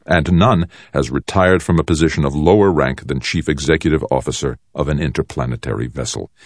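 Deep guy doing a cool stern colonel, slow and measured, dry close sound. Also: no room sound. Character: calm, stern military colonel.

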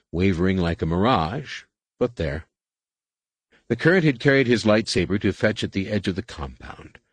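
Deep, husky male audiobook narrator. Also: dry recording. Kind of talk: scripted narration.

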